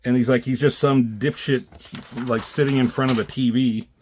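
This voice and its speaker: A man's voice: medium pitch, steady tone, normal speed, a little mellow. A man reviewing comic books in a loose, rambling way, swearing freely and often correcting himself. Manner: loose and profane, with many fillers and self-corrections.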